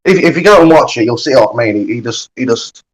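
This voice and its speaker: A man chatting casually on a podcast, talking haltingly and repeating words as he goes. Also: medium pitch, animated, breathy edge, low-quality recording.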